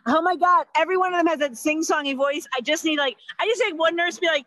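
Bright-voiced woman comic in a frazzled rant. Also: extremely high pitch, no echo, rough recording. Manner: rambling, exasperated, quick to joke. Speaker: comedian. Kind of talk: stand-up rant. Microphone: video call.

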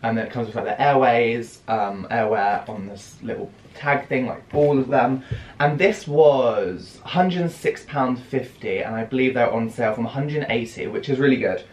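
A man's voice: medium pitch, moderate pace, a little hiss or hum. A young British man chatting through a fashion haul, gushing with theatrical gasps and squeals. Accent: British English. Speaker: fashion vlogger. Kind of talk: casual haul video chat. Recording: echoey room with faint ambience.

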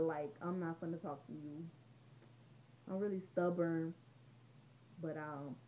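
Teen girl vlogger, slightly low voice, rambling conversational storytelling, muffled home recording with faint noise. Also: warm tone. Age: teens. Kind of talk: casual storytime vlog. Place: room at home.

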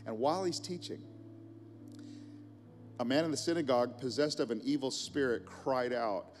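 Middle-aged pastor preaching in a reverberant hall. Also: male voice, mid-range voice, normal speed, faint music behind. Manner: casual, storytelling delivery with asides. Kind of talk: sermon.

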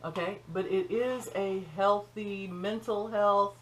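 A woman's voice: mid-range voice, steady tone, slow pace, a bit bright, low-quality recording. An older woman hosting her own cooking channel, talking in a folksy, chatty way with joking asides, from her home kitchen. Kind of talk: casual chat.

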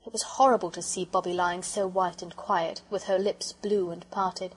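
A woman narrating a children's audiobook with expressive storytelling. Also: lowish voice, moderate pace, few pauses, breathy edge, rough recording.

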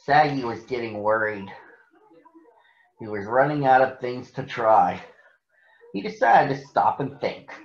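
Slow, expressive man reading a picture book. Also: mid-range voice. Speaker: storyteller reading to children. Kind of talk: picture book read-aloud. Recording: echoey, muffled room recording.

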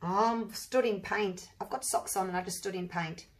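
Husky woman chatting thru her paint pour, thinks out loud, gets all excited, medium pitch. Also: moderate pace. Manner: chatty, thinks aloud, bursts into excited exclamations. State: husky voice from allergies. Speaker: acrylic pour artist. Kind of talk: casual demonstration while working.

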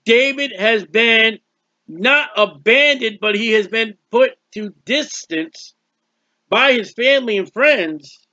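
A man's voice: very high-pitched, slow pace, dry recording, highs cut off. A man preaching a sermon, reading scripture aloud and explaining it, drawing out words for emphasis. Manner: expressive Bible reading with commentary, stretches words.

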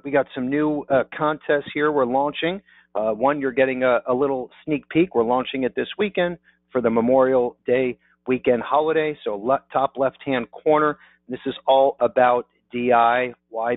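A man's voice: medium pitch, dry recording. Man on a tinny, phone-like line. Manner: upbeat salesy, frequent "okay?" check-ins. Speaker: insurance marketing presenter. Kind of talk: webinar sales presentation. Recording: dry, phone-like narrow audio.

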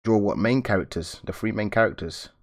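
A young man chats loosely with viewers while he draws, full of slang and easy laughs. His voice sits very low, and he talks the way a host does on a relaxed live stream. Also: fairly quick. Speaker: art channel host. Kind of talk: casual live-stream chat while drawing.

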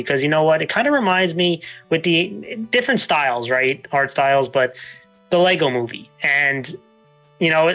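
A man's voice: fairly high pitch, sharp tone, low-quality recording. A man chatting as a panelist on a casual roundtable, rambling and hedging with lots of fillers.

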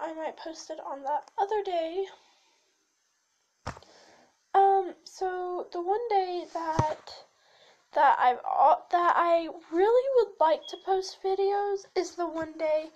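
Chatting casually to camera as her channel's host, a teenage girl speaks at an extremely high pitch with a slightly mellow quality, and the highs are cut off. Her talk rambles and wanders off track, full of fillers and restarts, and she tends to shift her voice.

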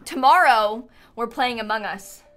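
A woman's voice: fairly high pitch, unhurried, bright, forceful tone. A young woman hosting a gaming stream at home, chatting in a playful, dramatic, teasing way. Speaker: streamer host. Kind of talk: casual chat while gaming.

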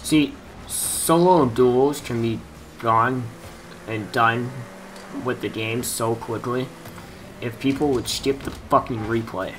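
A man's voice: mid-range voice, slow pace, fairly bright tone, a little hiss or hum, rough recording. Frustrated young man swearing at a game. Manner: frustrated, swears a lot, mutters at opponents. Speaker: gaming youtuber. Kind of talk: swearing gameplay commentary.

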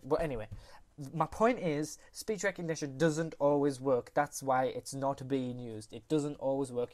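Speaking into a USB computer mic, the host of a casual screen-recorded computer tutorial wanders off on tangents, frequently correcting and apologizing. The voice is medium in pitch and a little mellow.

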